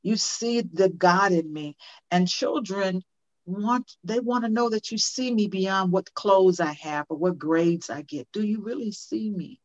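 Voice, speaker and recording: An older woman, a guest in a conversational interview, speaks earnestly and emphatically in a mid-range voice at a measured pace. She often repeats questions for effect, and the lo-fi audio sounds dull.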